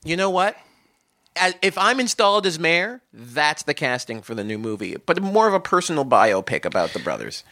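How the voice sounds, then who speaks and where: A man's voice: on the high side, very animated, normal speed, pushed and bright, no echo, studio quality, heavily acted. A man playing an earnest, oblivious mayoral candidate in improv comedy.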